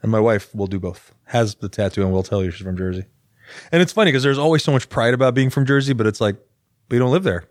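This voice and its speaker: A man's voice: mid-range voice, animated, fast, no echo, clean studio sound. A man co-hosting a casual podcast, bantering and joking. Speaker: podcast co-host. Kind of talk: casual chat.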